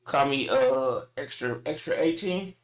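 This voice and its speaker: A man's voice: medium pitch, a little slow, a little hiss or hum. A man joking around with his co-hosts in a casual group chat, repeating himself to get a word in.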